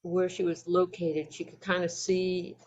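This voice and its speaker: A woman's voice: lowish voice, level tone, a little mellow. A woman hosting a podcast, speaking hesitantly while relating what she read. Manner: slow, hesitant, many backchannels. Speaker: podcast host. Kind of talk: casual interview. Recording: muffled remote audio.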